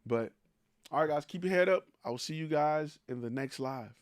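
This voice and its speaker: A man's voice: a little high, moderate pace, no room sound, clean studio sound. A man hosting a live stream, giving blunt, teasing business advice to creators with rhetorical questions. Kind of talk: blunt motivational talk.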